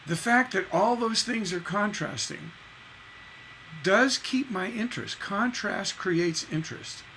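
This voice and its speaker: A man's voice: sits high, a little slow, pushed and bright, slight background noise, poor audio. A man giving a casual songwriting lesson on a livestream, rambling and chatty, often repeating words and singing syllables to show a rhythm. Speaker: songwriting teacher.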